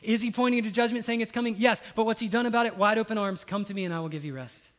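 High-voiced preacher man, animated. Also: racing. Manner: animated, swings from loud exclamations to hushed quotes. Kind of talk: sermon.

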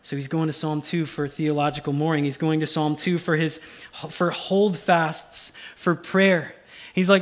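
A pastor preaching a sermon, swinging from loud urgency to a hushed, almost whispered delivery. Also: male voice, a little high, little pitch movement, unhurried. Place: church sanctuary.

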